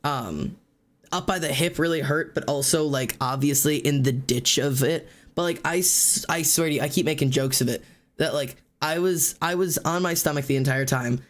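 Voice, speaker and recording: A man's voice: a little high, moderate pace. A man streaming live, telling a long story in a casual, profane way and acting out the people in it. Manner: animated, profane, quotes people in lively put-on voices.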